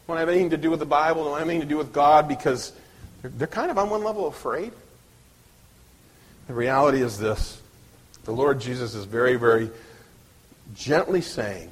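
A man's voice: on the high side, brisk, pauses often, slightly rough. A man preaching a sermon at a church service, earnest, often restarting and repeating his words.

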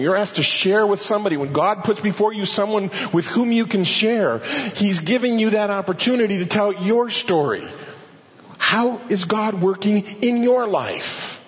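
A man's voice: sits high, in a large hall, highs cut off. A man preaching a verse-by-verse sermon in a conversational way, often repeating phrases and asking and answering his own questions. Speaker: pastor. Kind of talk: expository sermon.

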